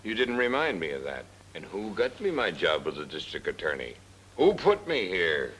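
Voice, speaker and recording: A drunk, sardonic prosecutor. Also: male voice, low voice, wildly swooping pitch, normal speed, a bit bright, slight background noise, full character voice, low-quality recording. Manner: sarcastic, wry. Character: weary married male prosecutor, sardonic flirt. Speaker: assistant district attorney. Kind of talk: 1940s film acting.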